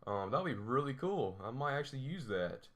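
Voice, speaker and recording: A man's voice: medium pitch, big pitch swings, fairly quick. A young man rambling while he sketches, laughing often and mocking his own drawing. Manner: self-deprecating, laughs often, talks to himself. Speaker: drawing tutorial host.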